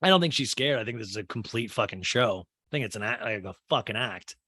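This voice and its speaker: A man's voice: fairly low pitch, quick pace, bright, forceful tone, breathy edge, no room sound, clean studio sound. A man hosting a comedy podcast, recapping a reality show with sarcastic, profane asides and exaggerated mimicked quotes. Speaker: podcast host.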